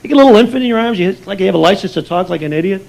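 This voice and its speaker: A man doing a stand-up routine in a comedy club, animated and slipping into baby talk and character voices. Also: sits high, very fast, vocal fry, poor audio. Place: comedy club stage before a laughing crowd. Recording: live club recording with crowd laughter and noise.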